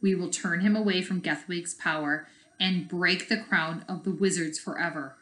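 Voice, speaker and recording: A woman voicing a gruff red-faced male warrior captain in a low, quiet, solemn voice. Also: fairly even intonation, normal speed, reverberant, natural voice.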